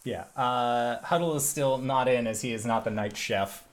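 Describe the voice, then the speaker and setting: Halting man running a tabletop game. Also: mid-range voice. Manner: loose, halting narration with many "uh"s. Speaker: game master.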